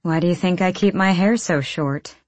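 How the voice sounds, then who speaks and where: A woman's voice: lowish voice, darkish tone, dry recording, lightly acted. A woman reading the lines of a guarded, wry young woman warrior in an audiobook. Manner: wry, measured.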